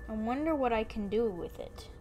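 A woman's voice: on the high side, moderate pace, over music. A young woman giving playful, chatty commentary while streaming a video game, often exclaiming and talking to the creatures on screen.

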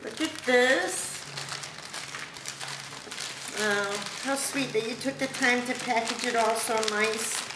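A woman vlogger opening a craft package at home, gushing with thanks in a casual, excited chat. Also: a little high, slow, long pauses. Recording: echoey room with background noise.

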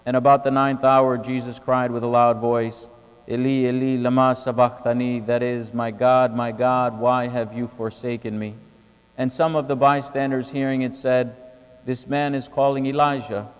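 Male reader, flat and even liturgical delivery, cathedral reverb trailing every phrase. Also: moderate pace, clean tone. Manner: steady, even reading with little pitch movement. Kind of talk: liturgical scripture reading. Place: large cathedral.

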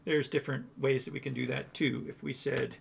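A man's voice: medium pitch, flat delivery, brisk, creaky, slight background noise. A man casually walking through code on a screen share, chatty and thinking aloud as he corrects himself. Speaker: coding tutorial host.

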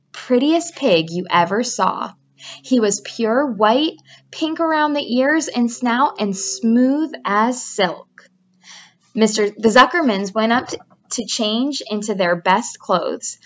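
A woman teacher reading a children's book aloud to her class, expressive and adding chatty asides. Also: a little high. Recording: dull lo-fi recording.

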